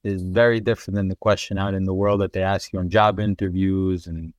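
A man's voice: deep voice, fairly even intonation, fairly quick, no room sound, studio quality. A man with a New York accent, a podcast guest telling a heartfelt personal story in casual conversation, full of fillers and restarts. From Russia. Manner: earnest, emotional storytelling with many fillers.

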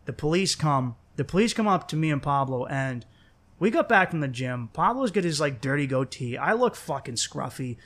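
A young man in casual chat, telling a story with lots of swearing and lively acted-out quotes. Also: fairly high pitch, normal speed. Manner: profane, animated, acts out quoted voices.

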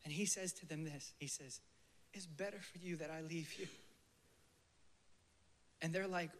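A preacher delivering a sermon in a somewhat higher voice, full of fervent conviction. He drives his points home with loud emphatic bursts, then drops to a soft, breathy near-whisper. He leads the listeners in prayer with slow, reverent phrasing.

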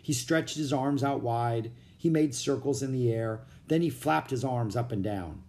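A man reading a children's book aloud as narrator, with expressive storytelling. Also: medium pitch, a little slow. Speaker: audiobook narrator.

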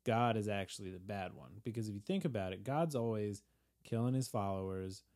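A man's voice: fairly low pitch, a little fast, darkish tone. A man in casual chat, joking irreverently and crudely.

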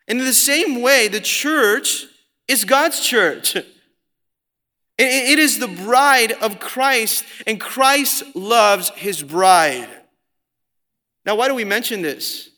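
High, bright-voiced male preacher. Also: lively intonation. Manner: earnest preaching, slow deliberate emphasis, quotes scripture. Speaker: pastor. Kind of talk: sermon. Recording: long hall reverb.

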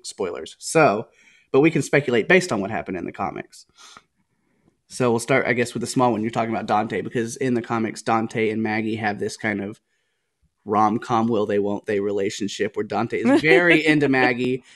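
A man co-hosting a casual podcast, chatting in a relaxed way, recounting scenes at length and laughing often. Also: lowish voice, normal speed. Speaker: podcast co-host. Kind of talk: casual podcast discussion of a TV show.

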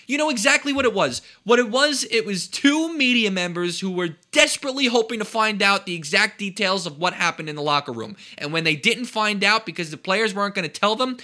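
High, piercing man ranting about sports. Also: pushed and bright. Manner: indignant, emphatic, repeats phrases for emphasis. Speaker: sports commentator. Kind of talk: heated sports talk rant.

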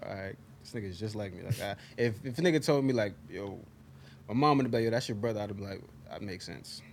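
There's slight background noise as a young man with a lowish voice talks at a quick clip on a podcast he co-hosts. He tells casual stories among friends in an animated way, acting out quotes and often laughing.

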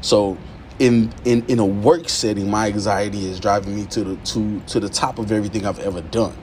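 A man hosting a podcast, talking in a candid, profane, confessional monologue that swings from low murmurs to heated outbursts. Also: steady tone, brisk, darkish tone, slight background noise. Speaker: podcast host.

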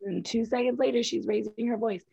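A woman's voice: on the high side, steady tone, a little fast, gravelly, dark tone, slightly rough, muffled recording. A young woman co-hosting a casual recap chat, blunt and profane, talking with lots of energy. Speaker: podcast co-host.

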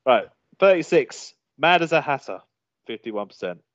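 Guy chatting and laughing, flat dry sound, kinda lo-fi. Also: medium pitch, moderate pace, no echo. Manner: laughs often, reads items aloud. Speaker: podcast co-host. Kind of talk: casual chat, reading out a list. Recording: dull lo-fi sound.

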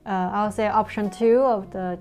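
A woman's voice: medium pitch, fairly even intonation, moderate pace, a little mellow, faint music behind. Playful woman with a Mandarin background. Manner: playful, competitive, switches between English and Mandarin. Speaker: podcast co-host. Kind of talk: casual chat.

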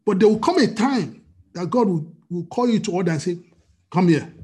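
A man's voice: high voice, lively intonation, brisk, dark tone. A man preaching a sermon as pastor, asking the congregation rhetorical questions.

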